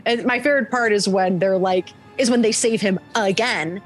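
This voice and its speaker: A woman's voice: medium pitch, moderate pace, faint music behind. A young woman chatting casually on a podcast, telling stories animatedly and acting out quotes with laughter. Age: young adult. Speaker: podcast guest. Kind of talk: casual chat.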